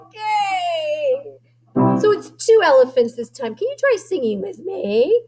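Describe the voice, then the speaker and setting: A woman music teacher leading young children, sing-song and animated, singing lines for them to echo in her classroom. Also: extremely high pitch, measured pace.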